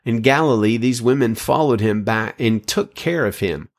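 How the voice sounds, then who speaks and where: A man preaching a sermon, reading scripture and quotations in an earnest, measured way with emphatic phrasing. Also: mid-range voice.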